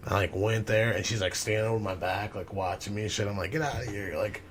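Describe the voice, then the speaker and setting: A man's voice: on the low side, fairly even intonation, quick pace, a little hiss or hum. A young man in his twenties hosting a podcast, telling a rambling, profane story in casual chat. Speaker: podcast host.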